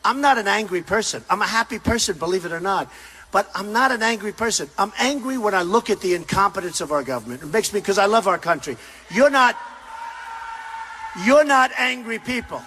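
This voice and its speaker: An older man delivers a campaign rally speech on a stage microphone in a large arena. His voice is fairly high and sharply bright, and he pushes it into shouts. His phrases are short, repeated and emphatic. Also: lively intonation, a little fast, slightly rough. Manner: repetitive, emphatic, often shouting to a crowd. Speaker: political candidate at a rally.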